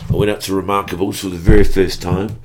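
A man, a podcast guest telling stories in relaxed slang that trails off and restarts. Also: low-pitched, quick pace. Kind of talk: casual storytelling chat.

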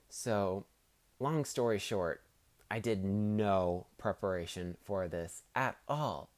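Teen boy podcast host, low voice, dry close sound, cocky and sarcastic, rambling stories. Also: unhurried, dry recording. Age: teenager. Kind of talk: casual rambling monologue.

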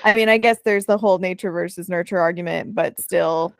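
A woman's voice: lowish voice, steady tone, fairly quick, dry recording, clean studio sound. A woman co-hosting a casual podcast, thinking aloud about a book in a conversational way. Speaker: podcast co-host.

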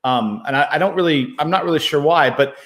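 A man's voice: a little high, fairly quick, a bit bright. A man hosting a podcast, thinking aloud as he talks and poking fun at himself for rambling. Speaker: podcast host. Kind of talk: casual conversational interview.

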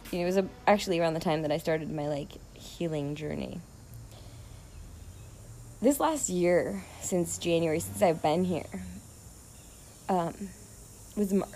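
A middle-aged woman with a lowish voice talks on her own podcast. She rambles and restarts her sentences, openly emotional. A faint hiss of ambience sits behind her. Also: mellow. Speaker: podcast host. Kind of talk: casual personal podcast monologue.

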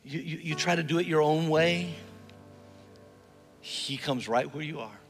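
This sermon comes from a male pastor whose voice runs on the high side and moves at a measured pace. He tells a story, stressing points by repeating words and acting out the people he quotes, before an audience in a church hall and online, recorded with long hall reverb and faint music.

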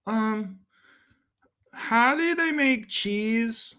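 A man voicing an eager little boy who has crept out of bed, speaking in a hushed, pleading way. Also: extremely high pitch, lively intonation, very slow, pitched above the performer's own voice, heavily acted. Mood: innocent.

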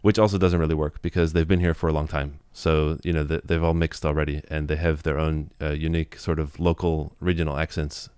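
A man with a very low, clear and resonant voice. He explains things in a casual, thoughtful way, often restarting his sentences. The sound is close and dry, with no room echo. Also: flat delivery, a little fast, hardly any pauses, darkish tone. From United States. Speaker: guest, Taiwanese language teacher. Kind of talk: casual interview.

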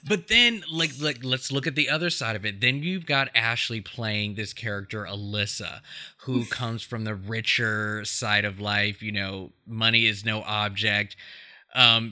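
A man's voice: lowish voice, steady tone, unhurried, pushed and bright. A man hosting a podcast, chatting casually about a film with many fillers and frequent laughs. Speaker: podcast host.

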